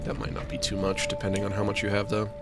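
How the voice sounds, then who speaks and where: A man's voice: fairly low pitch, monotone, fast, loud music behind the voice. A man streaming a game, chatting casually and rambling to his viewers. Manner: rambling, chatty, self-deprecating. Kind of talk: casual let's-play chat.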